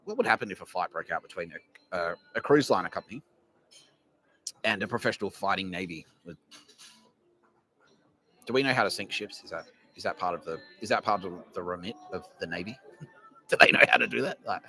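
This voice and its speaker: A man's voice: deep voice, animated, fairly quick, long pauses, bright, forceful tone, slight background noise. An Australian man hosting a podcast, delivering a crude, rambling comedy rant full of swearing. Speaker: podcast host. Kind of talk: ranting comedy monologue.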